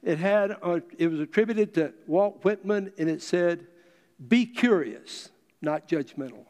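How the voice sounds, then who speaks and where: Man putting on a coach voice, pitched up, homespun, earnest, ringing hall reverb. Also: expressive, measured pace, darkish tone. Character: folksy, optimistic American football coach, middle-aged man. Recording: long reverb of a large hall.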